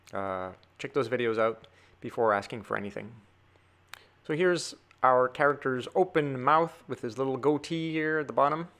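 Guy with a gravelly voice walking you through a drawing, chatty and easygoing. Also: medium pitch, a bit bright. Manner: chatty, talks to viewers while sketching. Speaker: drawing teacher. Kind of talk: drawing tutorial.

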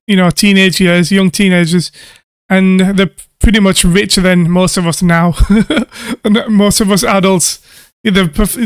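A man's voice: high voice, clean tone, no echo, clean studio sound. A man, a music producer, giving casual reaction commentary in an enthusiastic, gushing way and laughing often.

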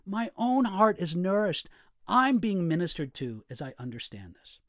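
A man's voice: sits high, very animated, normal speed, fairly bright tone, no echo, clean studio sound. A middle-aged man, a pastor, earnestly explaining his Bible study notes and reading scripture aloud in a reflective way.

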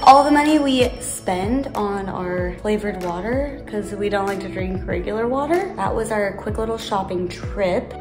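A woman's voice: mid-range voice, lively intonation, normal speed, few pauses. Young woman vlogging on her phone, chatty and upbeat, music playing under her voice. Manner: chatty and upbeat, talks to camera. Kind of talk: casual vlog chat.

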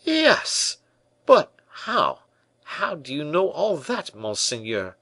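A man voicing an excitable, proud old royal tailor who exclaims in a shrill, high voice. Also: takes it slowly, dry recording, exaggerated voice. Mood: astounded, triumphant.

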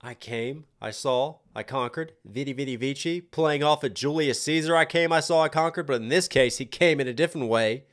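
A man hosting a reaction video, talking casually and excitedly over a rap track, laughing and reacting out loud. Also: mid-range voice, fairly quick, few pauses.

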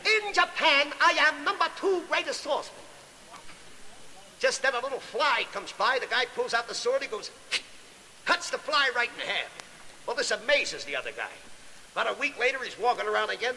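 A man doing a brash stand-up comedy routine with rapid-fire insult jokes. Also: high voice, bright, forceful tone, a little hiss or hum, low-quality recording.

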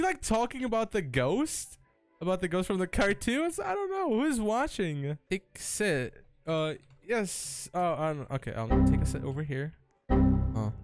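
Lively-pitched excitable gamer guy. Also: dry recording. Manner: excitable, nervous laughter, stammering restarts. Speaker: gaming YouTuber. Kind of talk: let's-play commentary.

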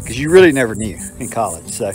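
A man's voice: mid-range voice, big pitch swings, fast talker, faint music behind. Older man, mid-range voice, rambling, folksy storyteller walking outdoors. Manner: rambling, folksy, self-amused, lots of filler. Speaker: vlogger. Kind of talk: casual storytelling while walking. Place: outdoors in a park.

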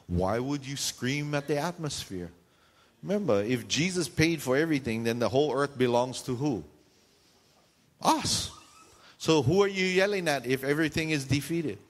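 A male pastor preaches with lively energy, firing rhetorical questions at his congregation and acting out shouted voices. His mid-pitched voice carries a long reverb from the church hall around him. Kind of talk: sermon. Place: church sanctuary.

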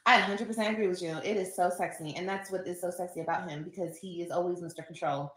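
A woman's voice: lowish voice, fairly even intonation, quick pace, reverberant, rough recording. A woman from Los Angeles vlogging, talking candidly and rambling straight to her viewers. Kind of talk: chatty vlog talking to viewers.

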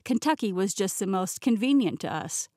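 A woman's voice: mid-range voice, lively intonation, normal speed, warm tone, dry recording, studio quality, natural voice. A woman voicing a young male king in an audiobook, easygoing and teasing but stern when giving orders. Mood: playful. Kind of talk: audiobook character voice. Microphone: close studio mic, dry.

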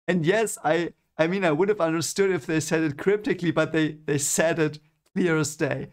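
A young man with a slightly high voice reads a book for the first time and comments along at a moderate pace. He sounds hesitant, repeats his words, and often chuckles.

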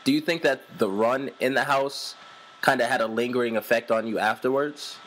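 Male host interviewer, mid-pitched, easygoing questions, slight hiss behind. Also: fairly even intonation, normal speed, fairly bright tone, low-quality recording. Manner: conversational, leans on "like" fillers. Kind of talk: casual one-on-one interview.

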